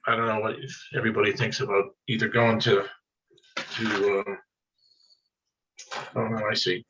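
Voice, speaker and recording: A man chairing a remote board meeting, thinking aloud in halting, restarting phrases. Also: fairly low pitch, flat delivery, background noise. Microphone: video call. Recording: dull lo-fi remote meeting audio.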